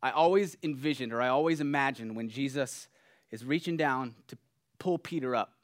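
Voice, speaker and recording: Male pastor preaching, earnest and chatty, soft then emphatic. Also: mid-range voice, normal speed. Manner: earnest, conversational, swings between soft and emphatic. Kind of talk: sermon.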